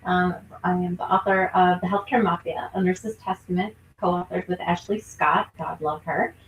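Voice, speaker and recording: A bubbly, emphatic woman co-hosts a casual podcast in a slightly low voice. She sounds like she is in an echoey room, with a faint hiss of noise behind her. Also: fairly even intonation, moderate pace, highs cut off. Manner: bubbly, emphatic, laughs often. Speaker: nurse coach and podcast co-host.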